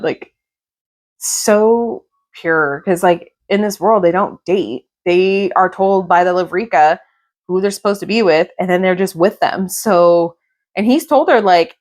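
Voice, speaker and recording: A woman's voice: fairly low pitch, normal speed. A woman in her thirties chatting casually in a reading vlog, gushing and rambling about books and her day. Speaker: book vlogger.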